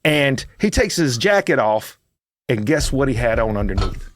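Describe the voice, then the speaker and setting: A middle-aged man, co-hosting a podcast and telling a story in a casual, animated way that builds to loud outbursts. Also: medium pitch, normal speed, slight background noise. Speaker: podcast co-host.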